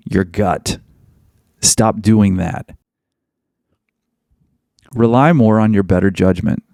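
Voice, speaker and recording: Podcast host, male, mid pitch with a gravelly edge, blunt and emphatic, dry close-mic sound. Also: darkish tone, dry recording. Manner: blunt, emphatic, repeats points. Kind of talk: advice monologue.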